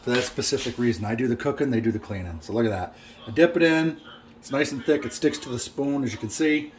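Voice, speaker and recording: A man's voice: mid-range voice, fast talker. Brash joking man in a home kitchen. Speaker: home cook vlogger. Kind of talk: casual cooking vlog.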